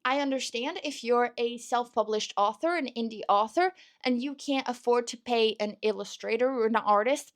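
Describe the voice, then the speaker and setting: A woman's voice: fairly high pitch, moderate pace, hardly any pauses. A young woman hosting a solo podcast, ranting in an opinionated, exasperated way while she is losing her voice. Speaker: podcast host.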